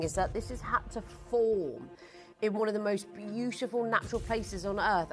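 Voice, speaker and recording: A woman presenting jewellery on a live shopping channel, chatty and gushing as she sells. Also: mid-range voice. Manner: gushing, chatty sales patter.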